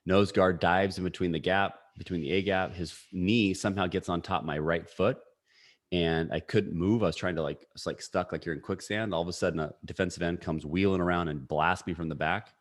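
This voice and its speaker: A man in his forties telling a personal story as a podcast guest, energetic and full of fillers. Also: sits low, a little fast. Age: 40s. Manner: energetic, story-driven talk with frequent fillers. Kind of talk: casual storytelling.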